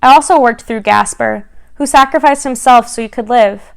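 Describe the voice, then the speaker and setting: A gentle, kindly storybook king speaks softly and reassuringly, as a woman reads him aloud. The tone is smooth and resonant, sitting a little high for a king. He sounds patient and calm. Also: normal speed.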